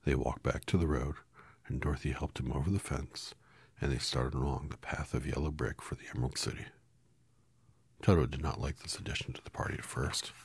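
A man's voice: a bass voice, fairly even intonation, a little fast, husky, no room sound. A man reading a storybook aloud in a casual way, now and then correcting his own slips. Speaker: reader.

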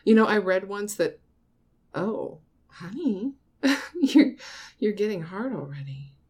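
A woman playing a doting mother who talks to her grown son in a soft, coaxing audio role-play. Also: medium pitch, expressive, husky. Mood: insistent teasing. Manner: soft, coaxing, slow, with frequent nervous laughs.

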